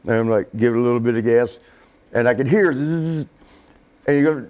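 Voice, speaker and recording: A middle-aged man telling a casual story, laughing often and swearing, acting out quotes in a higher voice. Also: brisk, pauses often, a little mellow. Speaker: interview guest.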